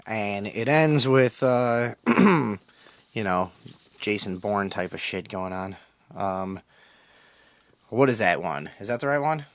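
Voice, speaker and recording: A man's voice: on the low side, expressive, takes it slowly, pauses often, no room sound. Brief: man, radio host, profane and rambling, very dry close studio sound. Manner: crude, loose, swearing, mock-aggressive with callers. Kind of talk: profane call-in radio talk.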